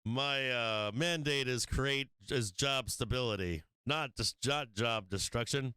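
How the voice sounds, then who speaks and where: A man doing a stiff, halting central banker. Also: medium pitch, pushed and bright, clear, resonant tone, dry recording. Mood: formal. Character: formal, stiff middle-aged male central banker.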